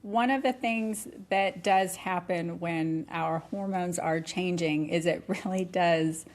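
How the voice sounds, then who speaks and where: A middle-aged woman talking candidly on a podcast, animated and often laughing. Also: fairly low pitch, slow. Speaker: podcast guest. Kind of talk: conversational podcast talk.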